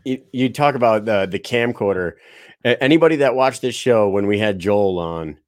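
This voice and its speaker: A man's voice: fairly low pitch, normal speed, no room sound, studio quality. A man hosting a casual podcast, laid-back and foul-mouthed, trading rambling stories with his co-host.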